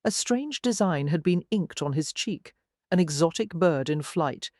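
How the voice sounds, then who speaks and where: Measured audiobook narrator, dry sound. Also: mid-range voice, expressive, darkish tone, no room sound. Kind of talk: scripted narration.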